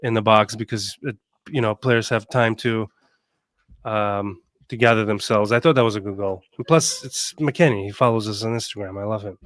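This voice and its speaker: A man hosting a casual football podcast, chatty and quick to joke. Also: lowish voice, no room sound. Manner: jokey and chatty. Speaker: podcast host.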